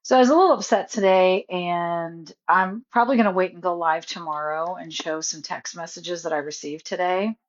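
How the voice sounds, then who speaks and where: A woman's voice: lowish voice, moderate pace, hardly any pauses. A woman vlogging in a casual rant, indignant and rambling, often cutting herself off mid-sentence. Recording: dull lo-fi phone audio.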